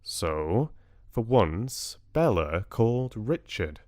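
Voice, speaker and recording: A British man narrating an audiobook calmly, in a measured storytelling manner, close to the mic. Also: on the low side, dry recording.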